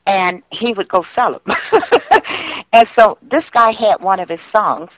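A woman's voice: medium pitch, moderate pace, dry recording. An older woman, a singer and pianist, telling heartfelt, rambling stories from her past in a radio interview. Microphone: phone line. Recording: tinny dry phone line.

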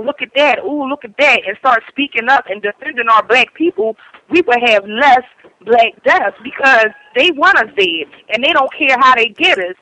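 A woman's voice: a little high, bright, forceful tone, poor audio. A woman speaking out with urgency, rallying her neighbors and asking rhetorical questions. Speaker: community member speaking out. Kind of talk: impassioned public speech.

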